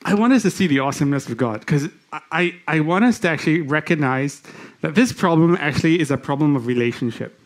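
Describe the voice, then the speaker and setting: A man preaching a sermon, asking the congregation questions and reading scripture slowly, with frequent restarts. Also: a little high, expressive. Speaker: lay preacher.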